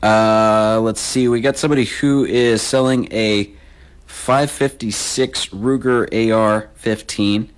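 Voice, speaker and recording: This man's voice is on the low side, clear and resonant, with a steady tone and slow pace. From a radio studio, he hosts a local call-in swap show, loosely reading listings, repeating phone numbers, and making slangy asides.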